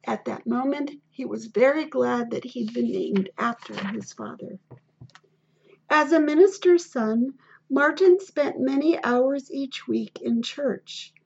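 A woman narrating a children's biography in a steady, deliberate storybook reading, on a dull lo-fi recording. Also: sits high, creaky, slightly rough.

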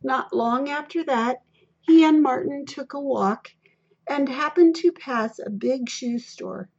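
A woman narrating a children's biography in a steady, deliberate storybook reading, on a dull lo-fi recording. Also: high-pitched, vocal fry, husky.

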